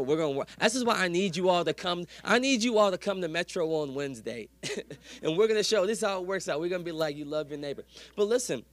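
A man's voice: high voice, no echo. Male pastor, upper-register voice, folksy preaching, dry close sound. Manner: lively preaching with call-and-response to the congregation; folksy, says "y'all". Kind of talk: sermon.

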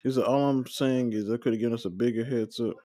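Man host, casual recap, reads dialogue aloud, mid pitch, dry close mic. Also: fast talker, mellow, dry recording. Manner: paraphrases scenes, quotes characters with brief joking asides. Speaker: watch-along podcast host.

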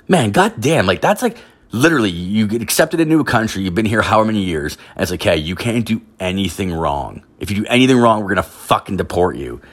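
A man's voice: fairly low pitch, very animated, fast talker, few pauses. A man ranting casually, rambling with constant filler words and heavy swearing. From Canada. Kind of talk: profane casual rant.

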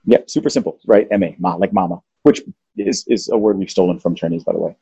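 Husky low-voiced man, playful teacher. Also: fast, mellow, no room sound, dull audio. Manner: playful, teaching, sings out tones. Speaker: podcast host. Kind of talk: casual chat, explaining language.

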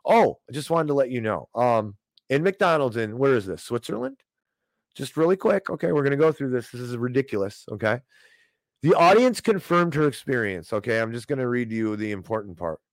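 A man's voice: mid-range voice, big pitch swings, a little fast, dry recording, rough recording. A man hosting a livestream, ranting sarcastically about the news and mocking the people he disagrees with. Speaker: online show host. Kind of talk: livestream commentary.

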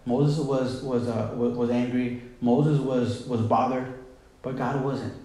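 A man's voice: mid-range voice, fairly even intonation, slow pace, dark tone. A man preaching a sermon, retelling scripture in a conversational, emphatic way. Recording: very echoey hall.

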